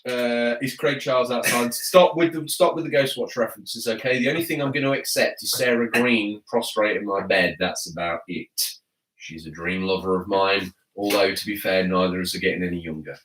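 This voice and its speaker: A man's voice: on the low side, a little fast, a bit bright, recorded from a distance. A grown man hosting a casual live gaming podcast, teasing his co-host and reading chat messages aloud. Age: adult. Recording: echoey room, away from mic.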